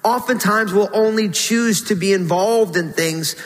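A man preaching a sermon, earnest and pleading, rising in pitch when he voices prayers. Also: unhurried, big-room sound, poor audio. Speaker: pastor.

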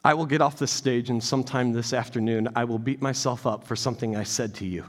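A man preaching a sermon as pastor, animated, moving between loud emphatic bursts and quiet, intimate storytelling. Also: medium pitch, fast. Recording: long hall reverb.

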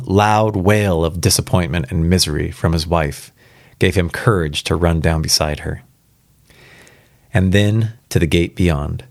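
A man's voice: deep voice, dry recording, clean studio sound. A man reading a spooky story aloud for the first time, casual and reacting aloud between passages. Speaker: reader.

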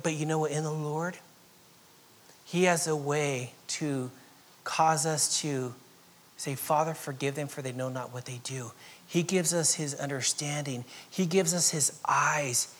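With a slightly high voice, a pastor from Southern California delivers a sermon that shifts from loud, emphatic statements to soft, almost whispered passages, punctuated by chuckles.

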